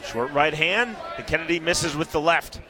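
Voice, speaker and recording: Male play-by-play caller, high voice, quick calls, shouts on big strikes. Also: crowd noise. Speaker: play-by-play commentator. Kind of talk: fight play-by-play commentary.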